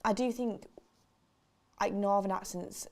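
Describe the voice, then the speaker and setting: A woman with a Mancunian accent co-hosting a football watchalong in casual chat, her voice going hoarse. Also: mid-range voice, steady tone, darkish tone. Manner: chatty, quick to defend her own accent.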